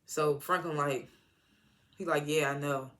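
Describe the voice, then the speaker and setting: A man's voice: on the high side, steady tone, a little slow, bright, forceful tone. A man giving a casual, rambling, slangy recap of a TV episode as a reviewer. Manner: rambling slangy retelling with acted-out quotes. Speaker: TV show reviewer.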